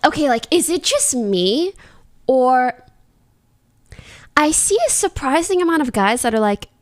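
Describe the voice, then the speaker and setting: A young woman streaming live and chatting to her viewers in a high, bouncy voice that swoops all over. She is giggly and playful and drops slang freely, often breaking into laughter. Her talk is loose and casual. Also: big pitch swings, a little slow. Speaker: livestreamer.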